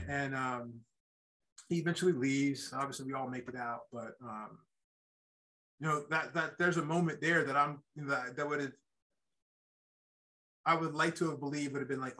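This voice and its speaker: A middle-aged man telling his own life story in a casual, halting way, with many restarts and a habit of checking in with "right?". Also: fairly high pitch, steady tone, pushed and bright, low-quality recording. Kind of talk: casual spoken testimony.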